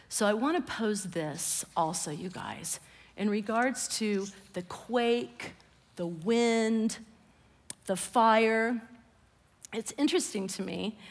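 A woman's voice: medium pitch, big-room sound. A woman preaching a conversational sermon, often dropping her voice to a whisper for emphasis.

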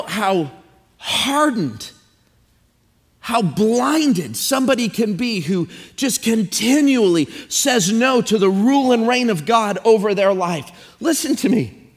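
Male preacher, high voice, emphatic sermon delivery, long hall reverb. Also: slightly rough. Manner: emphatic, drawn-out preaching with repeated phrases. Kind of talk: sermon with scripture reading.

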